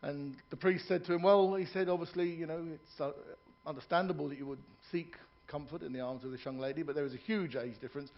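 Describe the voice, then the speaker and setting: A man works the room as a stand-up comic aboard a ship, spinning long jokes and chatting with the crowd. His voice sits a little high for a man. The live recording sounds dull and lo-fi. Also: steady tone, fast, few pauses. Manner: joke-telling with voiced characters and asides to the audience. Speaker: stand-up comedian. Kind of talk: stand-up comedy on stage. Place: ship's theatre lounge.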